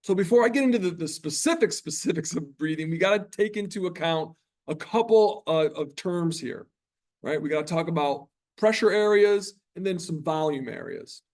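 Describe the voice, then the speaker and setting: Give me a chatty male college lecturer from New York, teaching in a classroom. His voice sits a touch higher than most men's. He keeps it conversational and keeps checking in with the students. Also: animated, moderate pace, darkish tone. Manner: conversational, chatty, with frequent tag questions.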